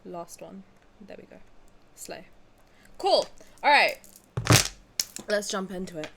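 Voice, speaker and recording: A young woman streamer chatting casually and excitedly to her viewers, dramatic and joking crudely. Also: medium pitch, measured pace, long pauses, background noise. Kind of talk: casual livestream reaction chat.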